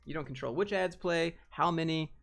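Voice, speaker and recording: A man's voice: on the high side, moderate pace, creaky, a bit bright, soft background music. Blunt joking man on a livestream. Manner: blunt, joking, talks straight to viewers. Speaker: streamer answering viewer questions. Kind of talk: casual livestream chat.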